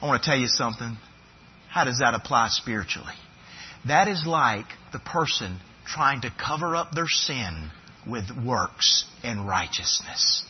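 A man's voice: medium pitch, lively intonation, measured pace, dull audio, slight background noise. A man preaching a sermon as pastor, building to fervent, emphatic repetitions.

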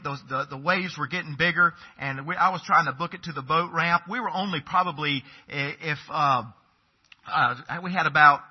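A man's voice: on the high side, husky, dull audio. A middle-aged man, preaching a sermon and telling a personal story in a folksy way, calling his listeners folks. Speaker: pastor.

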